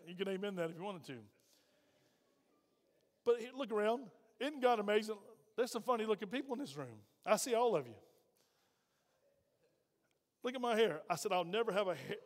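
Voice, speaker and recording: A man's voice: high voice, lively intonation, normal speed, pauses often, in a large hall. A middle-aged male pastor preaching a sermon in a folksy, direct way, calling on the congregation to answer. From Virginia. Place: church sanctuary.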